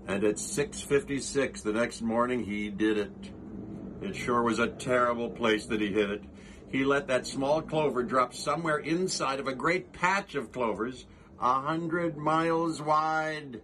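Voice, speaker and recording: A man reading a rhyming children's storybook aloud in a playful, unhurried way with musing asides. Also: mid-range voice, lively intonation, background noise. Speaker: reader.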